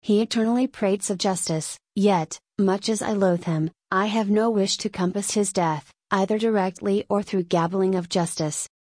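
A woman voicing an obstinate, rough-spoken nobleman who talks bluntly, in a storybook reading. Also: medium pitch, normal speed, hardly any pauses, a little mellow, no room sound, natural voice. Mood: indignant. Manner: blunt, thundering.

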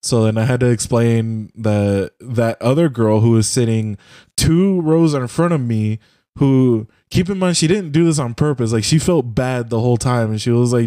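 Young guy, mellow tone, dry close computer mic, rambling and profane casual storyteller. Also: medium pitch, moderate pace, no echo. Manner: rambling, profane, heavy use of "like". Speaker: podcast co-host. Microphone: computer mic on a voice call.

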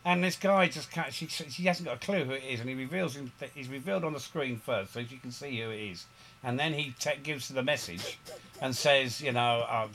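A man in casual podcast chat, telling stories in a rambling, animated way with frequent restarts. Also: medium pitch, a little fast, a little hiss or hum.

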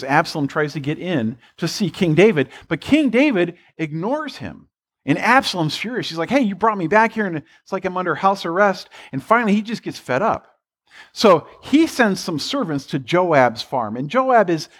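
Male pastor, sermon, somewhat high voice, casual storyteller, acts out the characters.

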